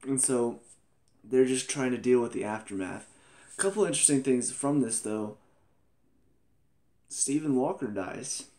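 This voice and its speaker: A young man talking casually in a TV episode review vlog. He is animated, laughs often and exclaims in disbelief. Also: medium pitch, measured pace, pauses often.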